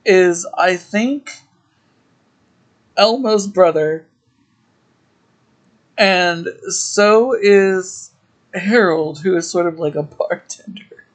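An unhurried podcast host recaps a story in casual chat. The host laughs often and fills the talk with ums and likes. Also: medium pitch. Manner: laughs often while retelling; chatty, with frequent fillers.

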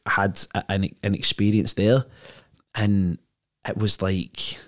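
A man's voice: fairly low pitch, little pitch movement, takes it slowly. A man, a podcast guest telling a story in a casual, slangy way, full of "like" and "right?".

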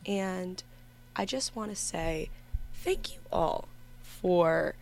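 A woman's voice: on the low side, very slow, gravelly, a little hiss or hum. Giggly young woman hosting college radio. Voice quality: somewhat monotone at times. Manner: chatty, giggly, rambling with self-corrections. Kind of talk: casual radio chat. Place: empty radio station studio.

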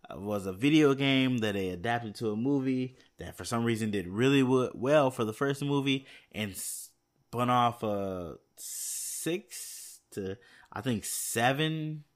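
A man's voice: medium pitch, normal speed. A man chatting casually to his viewers, rambling and thinking aloud with many fillers and restarts, a little tired. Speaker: movie news vlogger. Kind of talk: casual chat to camera.

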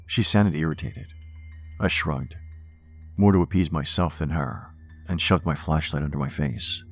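A man narrating a first-person horror story in a measured, wry, reflective way. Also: rumbling low, gravelly. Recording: faint music bed under narration.

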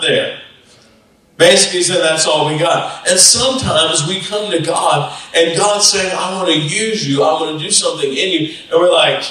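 A male pastor preaching a lively sermon and acting out the voices of the disciples, recorded in a church sanctuary. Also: on the high side, moderate pace, distant mic. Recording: echoey church hall, off-mic.

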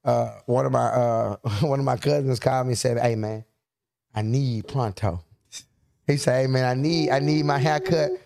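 A man's voice: medium pitch, fairly even intonation, fairly quick, gravelly, few pauses, darkish tone, no room sound, clean studio sound. A man who works as a barber, co-hosting a casual podcast and telling stories in an easygoing way. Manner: storytelling, easygoing. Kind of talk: casual chat.

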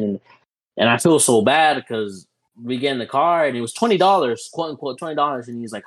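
A young adult man, a podcast guest, telling a story in a casual, animated way, full of "you know" and "dude". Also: medium pitch, fairly quick, rough recording.

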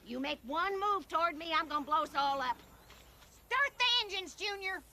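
A woman's voice: extremely high pitch, lively intonation, normal speed, slight background noise, exaggerated voice. A crazed, foul-mouthed old farm woman. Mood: ranting. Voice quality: loud, profane, threatening. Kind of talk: film dialogue.

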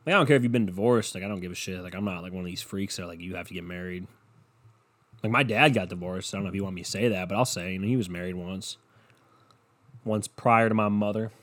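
A man talking casually and alone, rambling and swearing, often trailing off into a mumble. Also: on the low side. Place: home room with a barking dog.

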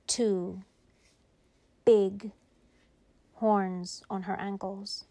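Woman telling a bedtime story. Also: medium pitch. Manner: lively, drops to whispers, drawn-out words.

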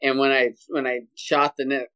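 Animated man telling a story over a video call. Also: mid-range voice, moderate pace, clear, resonant tone. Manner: animated, energetic storyteller, says "dude" often. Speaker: podcast guest, hunter. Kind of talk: casual storytelling interview.

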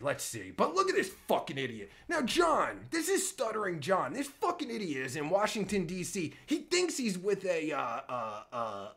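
A crude, exasperated man rants live into his phone, his pitch jumping wildly from low grumbles to high squeals. He sounds worked up, swears constantly, and breaks off mid-sentence. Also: fairly bright tone. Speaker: live streamer. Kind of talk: profane comedic rant. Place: at home, streaming live.

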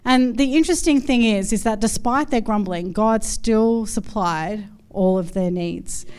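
A woman's voice: on the high side, measured pace, darkish tone, clear, resonant tone. A woman in her thirties, a pastor giving a chatty, conversational sermon full of everyday stories and fillers. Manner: chatty, storytelling, many fillers.

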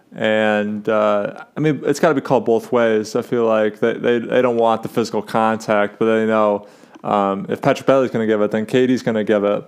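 Young guy rambling about sports, lots of uhs, lowish smooth voice. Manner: rambling, many fillers and restarts. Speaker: sports podcast host. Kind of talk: casual sports talk.

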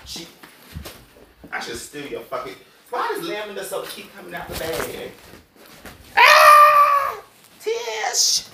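A man in a heated argument in a hotel room, talking loudly in a rambling, profane, erratic way. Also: a little high, lively intonation, moderate pace, creaky, distant mic. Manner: loud, rambling, profane, erratic, breaks into sing-song. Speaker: unwanted guest in a hotel room. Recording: echoey room with background noise.

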